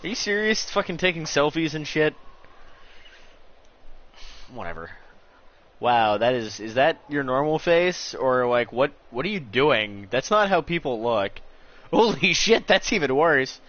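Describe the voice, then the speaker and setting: A man's voice: big pitch swings, unhurried, pauses often, a bit bright. A young man casually commenting on a game as he streams it, joking, sarcastic and swearing freely. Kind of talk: casual let's-play commentary. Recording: muffled low-quality stream audio with faint hiss.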